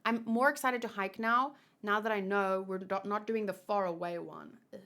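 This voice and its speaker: A woman's voice: mid-range voice, moderate pace, a bit bright. A young woman hosting a casual comic read-along, chatty and exclamatory with loose asides.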